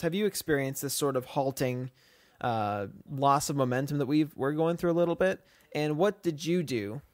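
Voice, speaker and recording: A man's voice: medium pitch, no room sound. A man co-hosting a podcast, talking casually in a rambling way with lots of fillers and restarts. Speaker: podcast co-host.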